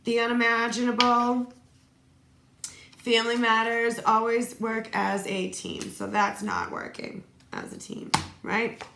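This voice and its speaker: A woman's voice: fairly high pitch, flat delivery, a little slow, creaky, pushed and bright. A woman giving a solo tarot reading, reading card phrases aloud and adding casual asides. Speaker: tarot reader. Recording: echoey room, faint noise.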